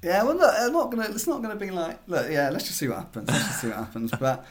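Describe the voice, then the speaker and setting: A man's voice: sits high, animated, fast. A man co-hosting a football podcast as a journalist, chatty and hesitant, with many restarts and fillers. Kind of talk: casual podcast chat.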